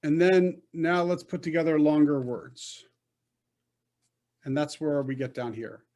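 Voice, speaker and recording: Man, Hebrew teacher, video-call lesson, patient, sounds out syllables slowly, a little high-pitched. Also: darkish tone. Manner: patient, coaching, slow and deliberate. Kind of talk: online class instruction.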